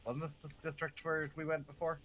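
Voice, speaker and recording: A man's voice: a little high, completely flat delivery, a little fast, fairly bright tone. A man chatting casually with a friend while playing an online game, telling rambling stories full of fillers. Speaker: co-op gamer. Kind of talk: casual chat while gaming.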